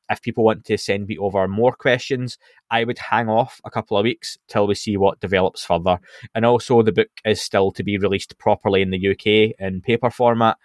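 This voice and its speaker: Male host, casual talker, slightly low pitch, announces updates in a loose, chatty way. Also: no room sound, studio quality. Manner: chatty, runs through announcements with filler ums. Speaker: podcast host. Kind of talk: casual podcast news chat.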